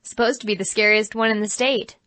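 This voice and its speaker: A woman voicing a laid-back teenage boy with a low-key, deadpan delivery. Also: fairly quick, no echo, close to an everyday voice.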